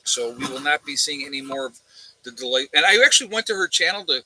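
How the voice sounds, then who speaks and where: A man's voice: medium pitch, animated, quick pace, sharp tone, slightly rough, dry recording, poor audio. A man hosting a casual livestream chat from home, blunt and sarcastic, rambling with lots of uhs and ums. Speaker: channel host. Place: home room with a fan.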